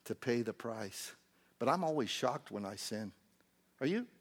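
A man preaching a sermon, moving between soft intimate lines and loud exclaimed outbursts, acting out the voices in his own inner dialogue. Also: medium pitch, lively intonation, unhurried.

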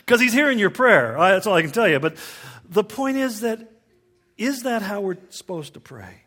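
Guy with a fairly high voice giving a sermon, chatty, tosses in jokes and questions. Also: fairly bright tone. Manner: conversational, with humorous asides and rhetorical questions. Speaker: preacher.

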